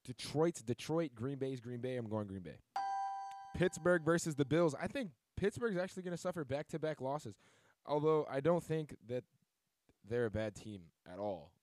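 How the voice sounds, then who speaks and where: A man's voice: mid-range voice, lively intonation, normal speed, a little mellow. Rambling casual male sports podcaster. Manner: loose, rambling, filler-heavy delivery with self-corrections. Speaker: podcast host.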